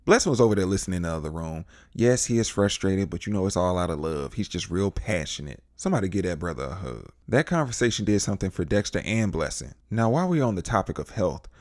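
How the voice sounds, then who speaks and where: A man's voice: deep voice, quick pace, few pauses, no room sound, studio quality. A man from the United States casually recapping a TV episode, animatedly acting out the characters' lines in different voices. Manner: animated, acts out quotes in voices. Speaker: TV recap host.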